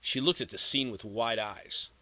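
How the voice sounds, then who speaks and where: Bright-voiced male audiobook narrator. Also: mid-range voice, moderate pace, slight background noise, poor audio.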